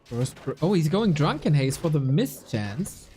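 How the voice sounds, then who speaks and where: A man giving playful live commentary on a strategy game match, with quick asides. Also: fairly high pitch, very animated, warm tone, soft background music. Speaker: esports commentator.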